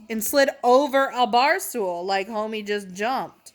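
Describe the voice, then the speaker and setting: A woman's voice: fairly high pitch, unhurried. A young woman telling funny stories in a brash, profane, self-mocking way, laughing as she talks. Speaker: comedic storyteller. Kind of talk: casual storytelling.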